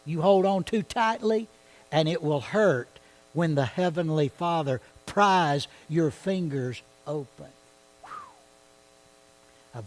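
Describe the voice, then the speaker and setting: A man's voice: fairly high pitch, darkish tone, low-quality recording. A man leading a church Bible study, talking conversationally and often asking his listeners questions. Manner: conversational, asks the audience questions.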